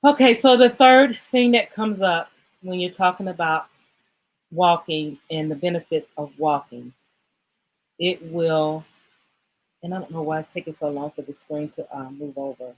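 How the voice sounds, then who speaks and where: A woman's voice: low voice, steady tone, moderate pace, rough recording. Emotional woman hosting a livestream. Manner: emotional, rambling, apologetic. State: choked up. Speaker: livestream host. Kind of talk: casual livestream talk.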